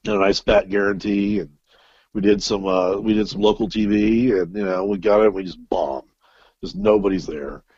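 A man's voice: on the low side, steady tone, moderate pace, a little mellow, slightly rough, no echo. Man, casual storyteller, swears a lot, dry dull-sounding recording. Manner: profane, rambling with fillers and restarts. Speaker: guest musician.

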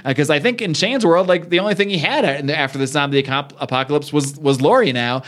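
Man recapping a comic, casual and animated. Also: on the high side, fast talker. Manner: animated retelling, quoting characters. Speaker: podcast co-host.

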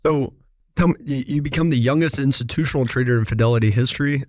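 A man's voice: mid-range voice, fast talker, darkish tone, no echo, clean studio sound. A man co-hosting a podcast, giving brief, encouraging prompts to a guest in conversation. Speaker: podcast co-host. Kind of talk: conversational interview.

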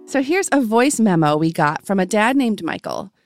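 Lively-voiced woman podcast co-host. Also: medium pitch, moderate pace, music in the background. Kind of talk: podcast chat.

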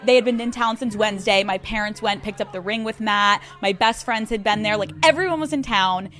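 A young woman from Pennsylvania hosting a podcast, telling a personal story in a casual, excitable way, swearing freely and saying "like" a lot. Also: mid-range voice, a little fast, faint music behind, a faint crowd. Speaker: podcast host.

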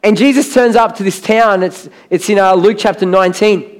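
A high-pitched man preaches from a church stage. He tells Bible stories with animation and acts out the voices of the characters. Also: moderate pace. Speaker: pastor. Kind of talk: sermon.

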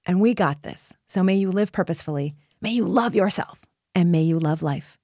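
A woman's voice: fairly low pitch, normal speed, mellow, no echo. A woman hosting her own motivational podcast, speaking earnestly and encouragingly straight to her listeners as a purpose coach.

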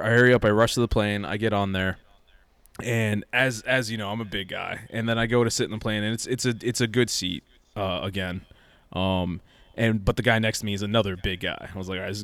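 A man in casual podcast chat, telling an animated story and acting out what people said. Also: fairly low pitch, quick pace, dry recording. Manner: animated storyteller, acts out quoted lines.

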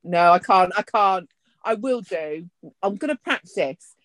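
A woman co-hosting a casual podcast chat from home, self-deprecating and quick to protest. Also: medium pitch, animated, no echo. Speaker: podcast co-host. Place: home with a pet dog nearby.

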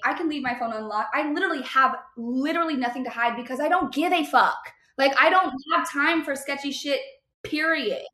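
A woman's voice: sits high, sharp tone. A young woman in casual chat, talking in a blunt, profane and emphatic way. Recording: echoey room.

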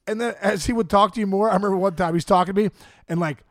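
A middle-aged man tells stories in a relaxed chat, with a gravelly, slightly high voice. He acts out everyone in his tales and laughs often. His delivery is lively. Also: very fast, crowd noise. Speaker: guest storyteller. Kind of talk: casual storytelling.

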